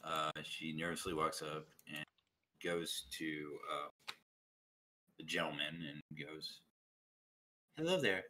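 A man's voice: very deep voice, monotone, a little slow, bright, forceful tone, slight background noise. A man narrating his character's actions in a tabletop game, hesitant. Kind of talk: tabletop role-play.

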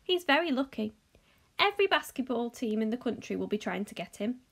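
Brisk eccentric chocolate-maker man, read by a woman, high and bouncy, breezily dismissive, storybook reading. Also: very animated, gravelly, a bit bright, full character voice.

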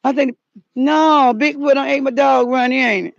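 A woman with a gravelly, fry-heavy voice talks to her viewers outdoors in the cold. Her delivery is dramatic and slangy, and she often shouts out calls. The sound is a dull, muffled, lo-fi phone recording. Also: high voice, fairly even intonation, normal speed. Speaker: vlogger. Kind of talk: casual outdoor vlog.

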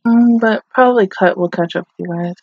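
Expressive young woman reacting, dry dull mic. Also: mid-range voice, a little fast, breathy edge, no echo. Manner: expressive, swears, laughs often, talks back to the screen. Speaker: anime reaction YouTuber. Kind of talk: casual reaction commentary.

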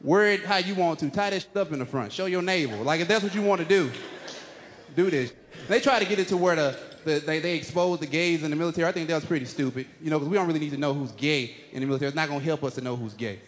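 A man doing a stand-up routine, prodding the crowd in a casual, quick delivery. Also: fairly high pitch, a little hiss or hum. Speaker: stand-up comedian. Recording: live hall reverb.

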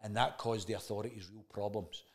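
A man's voice: fairly low pitch, steady tone, a little fast. A man with a Scottish accent, a chat show guest telling a story in casual conversation, swearing freely and acting out the dialogue he remembers.

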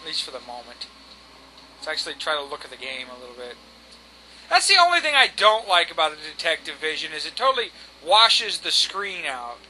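A man's voice: on the high side, very animated, fairly quick, sharp tone, slight background noise, low-quality recording. A man giving casual let's-play commentary, exasperated and swearing at the game and at himself. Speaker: gameplay commentator.

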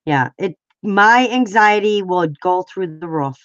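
A woman's voice: medium pitch, animated, measured pace, fairly bright tone, no room sound. A woman with a stuffy, congested nose chatting casually on a craft livestream, giggling and reading out viewer comments. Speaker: co-host. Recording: dull lo-fi online call audio.

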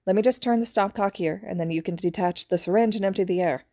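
A woman voicing a calm, authoritative female trauma doctor who gives brisk clinical orders and reassures patients. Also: mid-range voice, no room sound, clean studio sound, natural voice. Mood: instructive.

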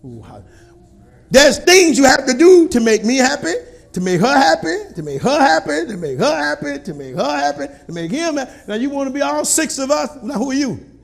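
Preacher, male, very high voice, preaching cadence, folksy and punchy. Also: sing-song, brisk, gravelly. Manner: call-and-response preaching, colloquial, rising to shouts. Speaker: pastor. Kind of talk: sermon.

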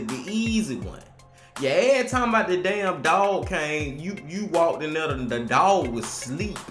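Loud animated man in a roomy space. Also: a little high. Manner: loud, animated, swearing, rising to shouts. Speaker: reaction video host. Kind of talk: casual reaction commentary. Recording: roomy echo.

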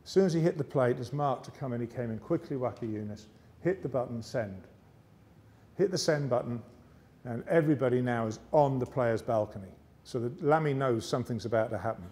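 English male speaker, warm and mellow, lively anecdotal delivery to a live audience. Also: mid-range voice, brisk. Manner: lively yarn-spinning with character voices. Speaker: motivational speaker. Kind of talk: anecdotal storytelling speech. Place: arts centre stage, live audience.

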